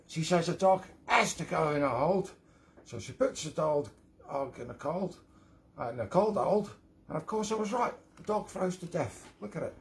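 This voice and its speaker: A man's voice: a little high, slight background noise, voice pushed up. A man putting on a cheeky, brash London comic character, his Cockney accent slipping toward Australian as he tells a joke. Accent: attempted London Cockney, slipping toward Australian. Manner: exaggerated, bouncy joke delivery.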